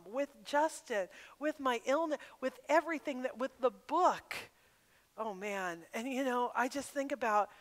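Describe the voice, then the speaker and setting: A middle-aged woman speaking at a women's retreat, telling a personal testimony with candid emotion and putting direct questions to her listeners. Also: sits high. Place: camp meeting hall. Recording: live hall with long reverb.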